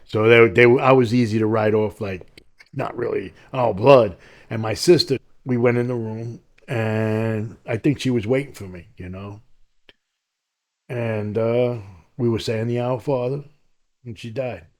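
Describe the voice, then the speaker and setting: New guy on a podcast telling his story, animated, does everyone's voices, normal mid pitch. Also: unhurried. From New York. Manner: animated storyteller who acts out other people's lines. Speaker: podcast guest.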